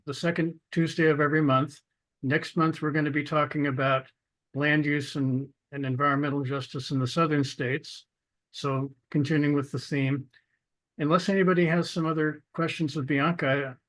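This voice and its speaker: A man hosting a monthly show on a video call, halting and searching for words. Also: fairly high pitch, steady tone, fairly bright tone. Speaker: show host.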